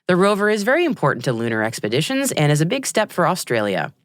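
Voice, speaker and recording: A woman's voice: sits low, wildly swooping pitch, fast, no echo, clean studio sound. Upbeat American woman hosting a podcast. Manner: upbeat, playful asides. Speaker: podcast host. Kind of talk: scripted news reading.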